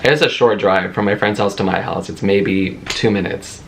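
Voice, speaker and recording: A man's voice: on the low side, normal speed, creaky, slight background noise. A man in his thirties candidly telling a personal story in a casual vlog, emotional and loose with swear words. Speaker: vlogger.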